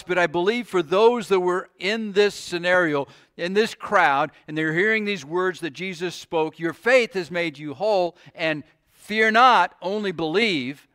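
A man's voice: high-pitched, fairly bright tone, no room sound, clean studio sound. A man preaching a sermon to his congregation, earnest, often restarting his sentences and asking the listeners questions. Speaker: pastor.

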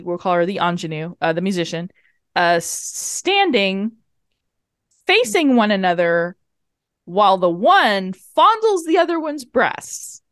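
A woman co-host retells a movie scene by scene in loose, casual chat. She slips into quick bits of the characters' dialogue and swears freely. Her voice sits mid-range, recorded close and dry with no room sound. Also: medium pitch, smooth, dry recording. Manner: animated retelling with acted-out quotes and swearing. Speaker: podcast co-host.

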